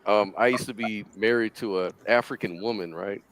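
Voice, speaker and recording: A man's voice: lowish voice, normal speed, a bit bright, rough recording. Call-in host, male, rambling casual storyteller. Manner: rambling storyteller, says "dude".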